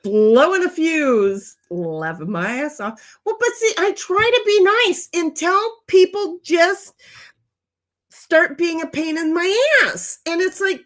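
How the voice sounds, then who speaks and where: An older woman with a high voice hosts a casual livestream chat. She rambles from one comment to the next. She talks bluntly and swears now and then. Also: a little slow, a bit bright. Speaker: livestream host reading chat.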